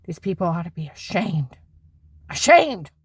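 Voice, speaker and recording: A woman talking in an anxious, rambling personal monologue, swinging between hushed whispers and loud outbursts. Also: fairly low pitch, steady tone, measured pace, no echo. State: anxious and on edge. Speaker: vlogger.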